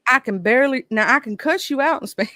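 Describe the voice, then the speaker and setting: A woman's voice: sits high, animated, fast, pushed and bright, no room sound, studio quality. Laughing Southern woman hosting a chat. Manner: laughing, joking, Southern slang. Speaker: host. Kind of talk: casual live-stream chat.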